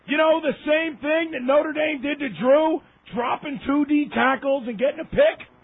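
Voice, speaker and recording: A man's voice: extremely high pitch, moderate pace. A man delivering an impassioned, emphatic sports rant, repeating himself for effect. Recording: tinny phone line.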